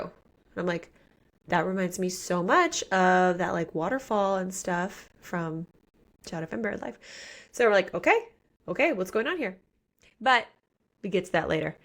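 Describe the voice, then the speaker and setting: A woman with a gravelly, fry-edged voice talks through a novel's plot in casual podcast chat. Her tone is playful and slangy, and she drops quick quoted asides as she goes. She sits at a middle pitch. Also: fairly bright tone. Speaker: podcast co-host. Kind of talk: casual book recap chat.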